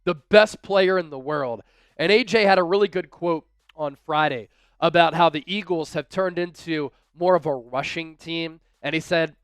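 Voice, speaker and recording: A man with a high, smooth, resonant voice hosts a live sports stream. He talks casually and upbeat, reading out viewer donations and game scores. The sound is dry and close. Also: dry recording. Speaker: livestream sports show host.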